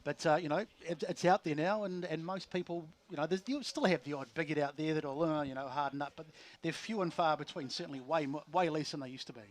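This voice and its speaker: New Zealand-accented male guest, brisk rambling radio chat. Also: a little high. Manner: rambling, many fillers and restarts. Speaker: league guest commentator. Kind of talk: pre-match sports radio chat.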